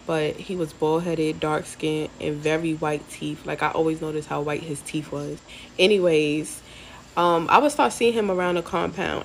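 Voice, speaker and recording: A woman's voice: low voice, vocal fry, a little hiss or hum. A young woman telling a casual storytime from her time in prison, loose and slangy, with many fillers.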